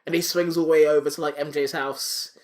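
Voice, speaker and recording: A man's voice: a little high, little pitch movement, a little fast. A man hosting a podcast, casually recapping a cartoon episode with silly voices and swearing. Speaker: podcast host.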